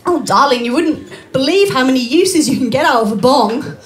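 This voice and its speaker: A woman's voice: sits high, expressive, moderate pace, reverberant. A woman voicing her posh, doting, carefree mum, gushing with "darling" at every turn. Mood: breezy. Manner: breathy, doting, over-sweet "darling" delivery.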